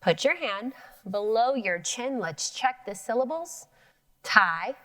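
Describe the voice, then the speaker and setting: A woman teacher giving a phonics lesson to children, slowly and clearly stretching out sounds and spelling letters. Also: a little high, big pitch swings, no room sound, recorded from a distance. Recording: dry sound, voice a bit off the mic.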